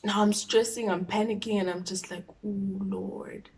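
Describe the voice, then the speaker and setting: A young woman with a South African accent telling a personal story, animated, dropping into whispers for asides. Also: mid-range voice, brisk, recorded from a distance, low-quality recording. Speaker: YouTuber. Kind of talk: storytime vlog.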